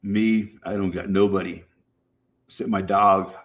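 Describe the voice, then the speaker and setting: A man's voice: low voice, level tone, unhurried. A middle-aged man chatting casually and rambling to his stream viewers, swearing freely and repeating himself. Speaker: livestream host.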